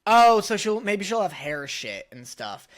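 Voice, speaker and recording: A man co-hosting a casual podcast, playful, whose lines often trail off into low mumbles. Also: very animated, a little slow. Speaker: podcast co-host.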